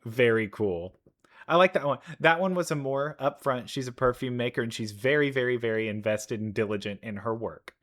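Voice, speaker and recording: A young man casually reacting to game trailers, chatty and quick to laugh, with bursts of excitement. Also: medium pitch. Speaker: reaction video creator. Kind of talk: casual commentary while reacting to videos.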